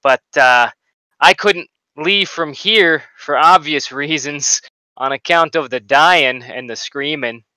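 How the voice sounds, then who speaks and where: A man's voice: a little high, takes it slowly, pushed and bright, clear, resonant tone, no room sound, heavily acted, poor audio. A man voicing a nervous, folksy farmer hiding in his basement, polite and rambling. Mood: relieved.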